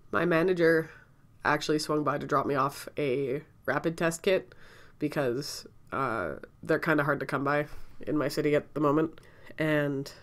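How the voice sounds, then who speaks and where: Sick woman telling a story time on her vlog, breathless, rambly, keeps laughing and coughing. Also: sits low. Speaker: vlogger.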